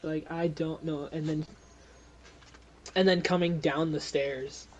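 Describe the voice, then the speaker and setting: A young man running a tabletop game, rambling through the scene at an unhurried pace with lots of fillers. His voice sits a little higher than most men's, with a faint hiss of noise behind it. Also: steady tone, low-quality recording. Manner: rambling, filler-heavy, often laughing. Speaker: game master.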